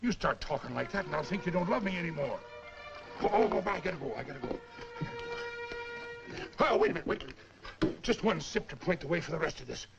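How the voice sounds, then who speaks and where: An actor playing a boozy, sweet-talking cavalry trooper, coaxing and playful. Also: male voice, on the high side, animated, a little fast, gravelly, long pauses, highs cut off, over loud music. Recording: noisy old film soundtrack.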